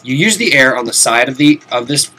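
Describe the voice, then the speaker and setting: A young VTuber game streamer sits at a desk in his room at home, giving rambling let's-play commentary in a medium-pitched, husky, sharp-toned voice that's expressive and brisk. He's tired and yawning, talks to himself, and swears now and then.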